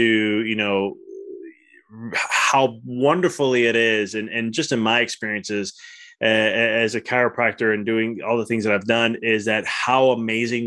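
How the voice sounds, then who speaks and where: A man's voice: mid-range voice, bright, forceful tone. A man hosting a podcast interview, talking enthusiastically and rambling with restarts. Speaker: podcast host.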